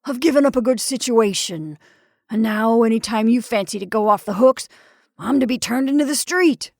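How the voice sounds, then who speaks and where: A woman voicing an indignant, selfish middle-aged husband who talks loudly and blusters. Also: a little high, expressive, normal speed, no room sound, clean studio sound. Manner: loud, blustering, complaining.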